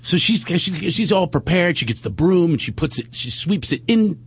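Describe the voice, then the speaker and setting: A middle-aged man hosting a radio talk show, telling a story in a casual, animated way and laughing as he acts out what people said. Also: on the high side, normal speed, slightly rough, no room sound.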